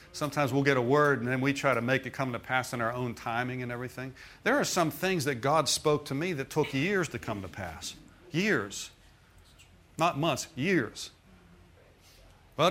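A man's voice: medium pitch, a bit bright. A middle-aged man preaching a sermon, telling a personal testimony in a conversational way and checking in with the congregation with frequent asides. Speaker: pastor.

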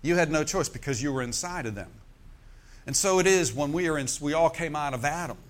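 A man preaching a sermon, slowing down to stress key words and asking the congregation "Amen?" between points. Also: on the high side. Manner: preacher's call-and-response with "Amen?" and "Praise the Lord". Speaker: pastor.

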